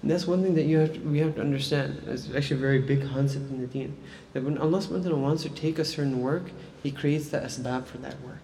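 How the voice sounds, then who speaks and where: A man's voice: mid-range voice, fast, few pauses, dark tone, long reverb tail, slight background noise. A man teaching Islamic studies in a casual lecture style, talking conversationally and often checking in with "right?". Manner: conversational, frequent "right?" and "like" fillers.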